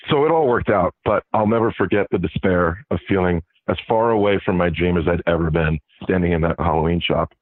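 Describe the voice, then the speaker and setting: A man's voice: low voice, dry recording. A man, a podcast guest, telling a story with self-mocking humor. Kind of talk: casual storytelling. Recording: dry tinny phone line.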